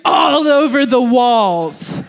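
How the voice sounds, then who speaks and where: A man voicing a showoff fourth-grade girl who shrieks and tattles in a shrill voice. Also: expressive, slow, creaky, raised voice, in a large hall, exaggerated voice. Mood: shrieking.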